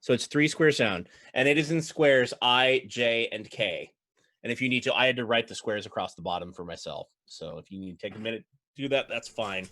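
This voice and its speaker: A man's voice: medium pitch, brisk, sharp tone, no echo, studio quality. A man narrating and running a tabletop game as dungeon master, friendly and describing each scene step by step.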